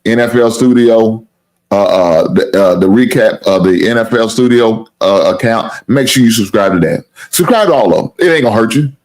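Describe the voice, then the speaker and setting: Deep-voiced man rambling on a sports stream. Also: normal speed, a little mellow. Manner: rambling, repetitive, plugs the channel, swears casually. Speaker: sports talk show host. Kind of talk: casual live-stream sports talk.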